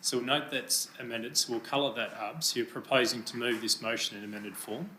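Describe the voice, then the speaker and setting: A man chairing a council committee meeting, brisk, procedural and polite. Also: mid-range voice, fairly even intonation, pushed and bright, slight background noise. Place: council chamber. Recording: roomy chamber sound.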